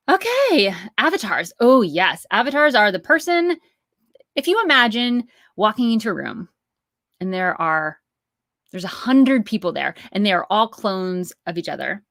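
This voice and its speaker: A woman's voice: medium pitch, fairly bright tone, no echo, studio quality. A woman in her thirties hosting an online course, teaching in a chatty, upbeat way with many asides and fillers. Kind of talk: live-streamed teaching with Q&A.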